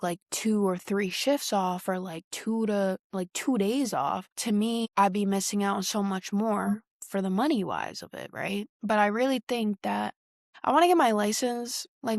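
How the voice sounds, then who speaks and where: A young woman, chatting on her own podcast. Her voice has a gravelly, fry-laced texture, and it sounds dry and close to the mic. She rambles loosely in slang, with fillers scattered all through. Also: mid-range voice, darkish tone, dry recording. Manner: rambling, slangy, heavy use of "like". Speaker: podcast host. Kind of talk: casual solo podcast chat.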